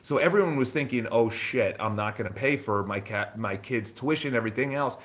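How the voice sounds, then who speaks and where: A man's voice: medium pitch, fairly quick. Guy telling a story to camera, plays out the other people's lines, restarts a lot, swears here and there. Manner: animated retelling, acts out dialogue, frequent restarts; swears casually, laughs while telling the story. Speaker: real estate vlogger.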